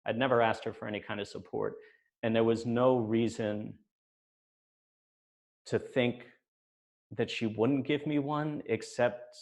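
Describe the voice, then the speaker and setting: A man in his forties telling a personal story on stage, measured with deadpan asides. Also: mid-range voice, gravelly. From United States.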